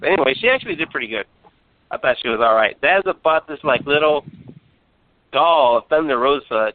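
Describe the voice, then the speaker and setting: A man hosting a podcast, chatting casually while ranting, rambling and swearing constantly. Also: mid-range voice. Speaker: podcast host. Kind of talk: profane casual chat. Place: San Antonio. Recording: phone-line call-in sound.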